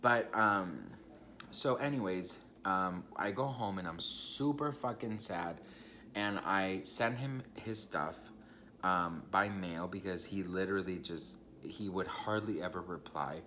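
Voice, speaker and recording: A young man in a casual storytime vlog, his voice sitting a little low. He chats in a gossipy, confiding way, swears freely and keeps turning to his viewers as if they were friends. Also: unhurried, bright, forceful tone, slight background noise. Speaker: vlogger.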